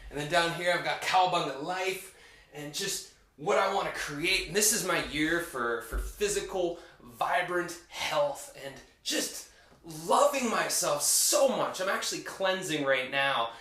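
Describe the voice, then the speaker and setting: An enthusiastic man hosts a casual motivational vlog. He talks in an upbeat, animated way, with a fairly high voice. His voice rings in an echoey room. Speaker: vlogger.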